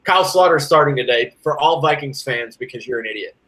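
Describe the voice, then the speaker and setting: Speaking fairly quickly on a rough recording, this sports podcast co-host mixes easygoing banter with rants. His animated delivery rises and falls, going from loud to quiet.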